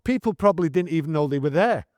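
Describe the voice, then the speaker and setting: A man in his sixties with a Manchester accent, telling his story in an earnest, animated way with broad northern dialect. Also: on the high side, fast talker, no echo, clean studio sound. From England. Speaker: guest storyteller. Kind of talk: casual storytelling interview.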